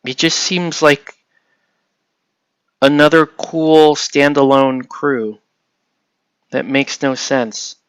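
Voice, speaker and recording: A man's voice: a little high, steady tone, extremely slow, pauses often, clean tone, dry recording. A man from the United States chatting casually with live viewers while painting miniatures, rambling and swearing lightly as he answers the chat.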